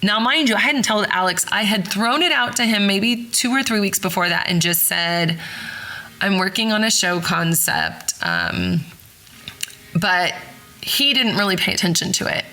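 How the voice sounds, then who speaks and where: A woman host spins a casual story, rambling along and doubling back to correct herself. Her voice is bright and forward, and she sounds excited as she tells it. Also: mid-range voice, normal speed, poor audio. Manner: rambling, with frequent self-corrections and fillers. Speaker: podcast host.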